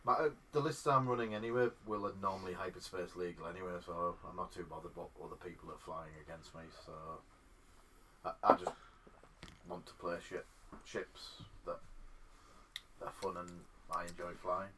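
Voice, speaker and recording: A man's voice: low-pitched, steady tone, normal speed. A man chatting casually while a tabletop game is played, repeating words as he gets going. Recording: faint background noise.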